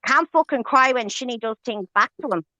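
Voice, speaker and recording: A woman hosting a livestream rants angrily, swearing with heavy emphasis in a brisk, bright, forceful voice on the high side. The recording is dry, with dull lo-fi stream audio.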